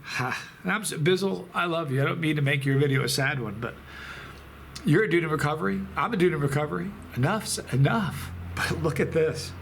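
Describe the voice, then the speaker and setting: A man hosting a chili pepper channel, talking casually to camera in a rambling, halting, emotional way with many restarts. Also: fairly high pitch, gravelly, noisy background. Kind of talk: casual vlog talk to camera.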